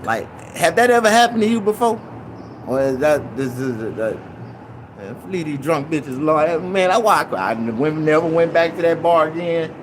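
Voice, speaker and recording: A young man casually telling a rambling, profane story in an animated way. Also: a little high, normal speed, slight background noise. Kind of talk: casual anecdote.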